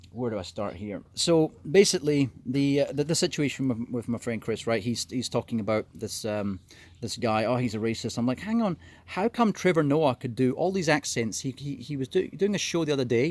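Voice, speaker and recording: A man from South Africa hosting a solo podcast, ranting profanely and restarting his sentences often. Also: mid-range voice. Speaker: podcast host. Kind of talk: opinionated solo podcast monologue.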